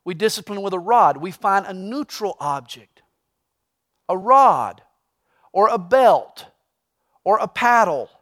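Guy preaching, pretty high voice, punches words then drops real quiet. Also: lively intonation, slow, long pauses. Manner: emphatic preaching, swinging from loud to hushed. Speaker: pastor. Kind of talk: sermon.

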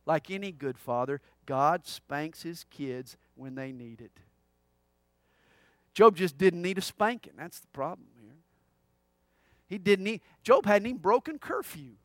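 A middle-aged man preaching a sermon, swinging from loud declarations down to hushed, intimate asides. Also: fairly high pitch, animated, a little slow, no echo, studio quality. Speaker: pastor.

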